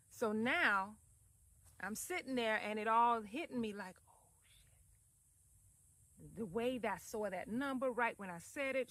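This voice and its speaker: Woman vlogger, thirties, bright clear tone, casual rambling talk to camera, at home. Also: mid-range voice, dry recording, low-quality recording. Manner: loose, rambling, addresses viewers as fam.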